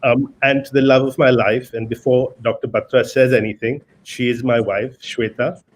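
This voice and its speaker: A man's voice: medium pitch, fairly even intonation, normal speed, low-quality recording. A man, a lawyer giving a formal, dryly self-deprecating acceptance speech over a video call. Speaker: award winner, lawyer.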